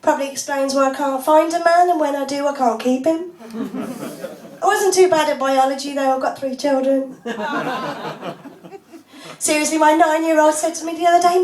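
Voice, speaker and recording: A woman doing a stand-up comedy set of deadpan one-liners, laughing often. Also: high voice, normal speed, pauses often. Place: small pub comedy club, audience laughing. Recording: echoey room, voice from far off.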